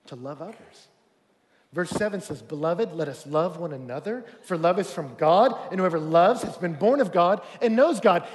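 A man preaching a sermon, telling stories and acting out the people in them, swinging from loud bursts to quiet stretches. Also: high voice, long reverb tail. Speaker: pastor.

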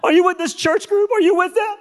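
A man voicing an emotional, astonished middle-aged hotel cleaning lady who gushes breathlessly, raising his voice high above his own. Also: fairly quick. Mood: gushing, emotional. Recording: long reverb of a big hall.

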